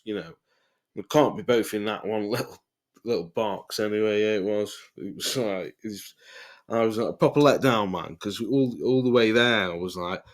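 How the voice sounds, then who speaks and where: A man with a lowish voice speaks at a normal speed as a podcast host. He tells rambling, casual stories packed with swearing, often laughing mid-sentence.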